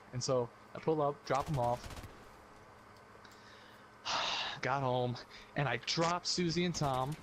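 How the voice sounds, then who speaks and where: A young man on a podcast, telling a story in an animated way and acting out what people said. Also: mid-range voice, moderate pace, long pauses, a little hiss or hum. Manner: animated, acts out quotes, laughs while telling. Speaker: podcast co-host. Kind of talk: casual storytelling.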